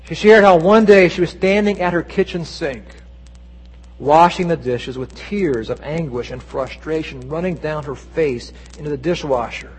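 A man's voice: fairly high pitch, normal speed, slightly rough. A male pastor delivering a Sunday sermon in a church, telling stories earnestly with dramatic voiced quotes. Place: church sanctuary. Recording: long church reverb.

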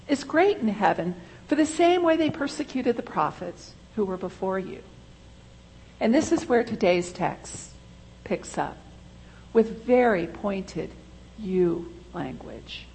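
A woman pastor delivering a sermon in a church, slow and deliberate, with emphatic rises. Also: medium pitch, lively intonation, gravelly, darkish tone, breathy edge, rough recording.

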